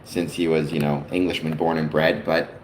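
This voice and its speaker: A man's voice: very deep voice, flat delivery, normal speed. Chatty Canadian man in an echoey room. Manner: rambling, chatty, talks to his father on the stream. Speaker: livestream host. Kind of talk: casual chat. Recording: roomy echo, faint background noise.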